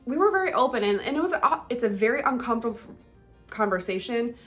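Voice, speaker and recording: A woman's voice: fairly high pitch, expressive, quick pace, a bit bright, soft background music. Candid woman vlogging, chatty, filler-heavy. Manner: candid, conversational, many fillers like "like" and "um". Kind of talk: casual personal vlog talk.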